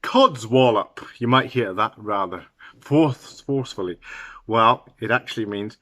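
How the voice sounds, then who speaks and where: A man teaching English idioms to learners, talking slowly and halting now and then with fillers and restarts. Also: on the low side, pushed and bright, dry recording, clean studio sound.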